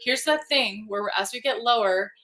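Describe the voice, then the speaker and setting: A woman leading a livestreamed vocal warm-up as a vocal coach, chatting in a relaxed, encouraging way between exercises. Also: fairly high pitch, moderate pace, faint music behind.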